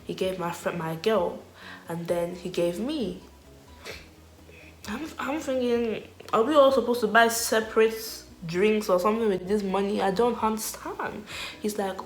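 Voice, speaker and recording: A young woman telling a storytime vlog in animated, slangy style, laughing often. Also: medium pitch, unhurried, reverberant. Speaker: vlogger.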